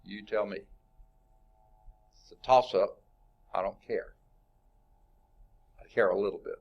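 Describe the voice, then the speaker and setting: Low-voiced man teaching math. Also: fairly even intonation, a little slow, vocal fry, muffled recording. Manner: works problems aloud, quizzing students; informal and chatty, with asides. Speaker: math instructor. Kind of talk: classroom lecture. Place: classroom.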